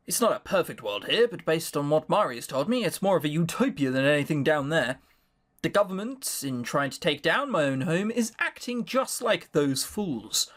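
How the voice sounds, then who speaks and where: A man's voice: fairly high pitch, fairly bright tone. A man reading a visual novel aloud, sarcastic and swearing as he mocks the writing. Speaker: let's play host.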